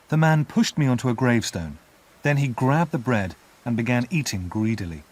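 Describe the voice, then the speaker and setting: A man narrating a classic novel aloud as an audiobook reader, expressive and measured. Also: mid-range voice. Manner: expressive storytelling, measured pace. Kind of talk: scripted narration.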